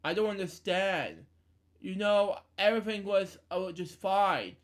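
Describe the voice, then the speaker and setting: A man reading the lines of a big childlike yellow bird from a book, in a halting way with stumbles and restarts. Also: sits high, lively intonation. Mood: plaintive.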